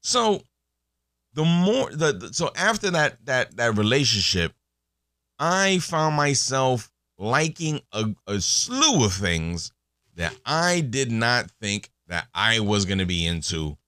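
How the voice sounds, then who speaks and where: A man's voice: medium pitch, sing-song, slow, sharp tone, no room sound, studio quality. A man in his thirties hosting a podcast, talking in a casual, rambling monologue full of fillers and restarts. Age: 30s. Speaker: podcast host.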